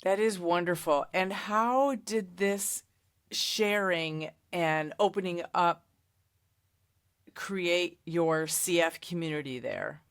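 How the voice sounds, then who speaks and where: Low-voiced, slow-talking woman interviewer. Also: clear, resonant tone, no echo, clean studio sound. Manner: warm, affirming questions. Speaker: interviewer, host. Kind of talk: empathetic interview questions.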